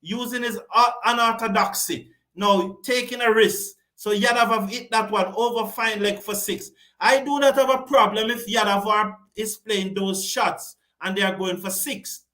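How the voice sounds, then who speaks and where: A man's voice: high-pitched, fairly even intonation, moderate pace, pushed and bright. A man from the West Indies, hosting live online cricket commentary, passionate and repeating points for emphasis while answering viewer comments.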